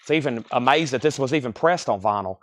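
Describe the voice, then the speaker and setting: A man's voice: mid-range voice, animated, fast, fairly bright tone. A young man hosting a live vinyl sale stream, chatting casually and rambling while reading out titles and prices.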